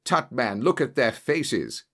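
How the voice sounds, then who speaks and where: Cool curt detective guy, a man reading him, measured and clipped, storybook. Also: mid-range voice, very animated, pushed and bright, exaggerated voice. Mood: calm.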